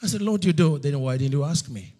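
A middle-aged man preaches with a husky, somewhat breathy edge to his voice. He sits fairly high in pitch. He tells the story theatrically, booming slow lines and then dropping almost to a whisper. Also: expressive. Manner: storytelling, acts out God's voice in loud slow bursts; drops to hushed near-whisper for drama. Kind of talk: sermon.

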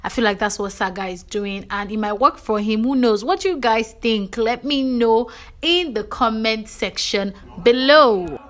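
A woman's voice: a little high, normal speed. Chatty Nigerian woman spilling gossip. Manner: animated storytelling, frequent "you know" and "do you understand". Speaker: reality show recap vlogger.

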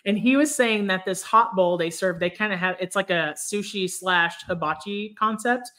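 Woman hosting a podcast, laughs a lot, mid-pitched easy voice. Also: normal speed, a bit bright. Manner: laughs often, asks guests questions. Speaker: podcast host. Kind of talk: casual chat.

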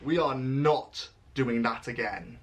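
A young British man in his twenties, talking through an online quiz in a playful, self-mocking vlog. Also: mid-range voice. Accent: British English. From England. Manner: playful and self-mocking, with jokey dramatic pauses. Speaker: vlogger. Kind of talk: casual vlog, reading quiz questions aloud.

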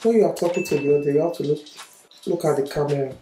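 Mom vlogger woman chatting at the dinner table, soft coaxing tone, lowish voice, echoey room. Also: racing. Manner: gentle, coaxing, often adds "isn't it?" tags. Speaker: family vlog host and mother. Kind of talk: casual family vlog chat. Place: home, at a dining table. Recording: echoey room with faint music.

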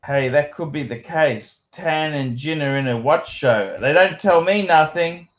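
Rambling through a casual livestream, this host in his forties repeats phrases, swears in a playful way, and reads messages from donors aloud. His voice sits a little high and moves at a measured pace.

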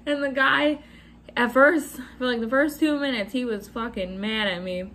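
A woman's voice: on the high side, moderate pace, a bit bright, a little hiss or hum. A young woman vlogger telling a story to camera in a chatty, giggly way, swearing freely.

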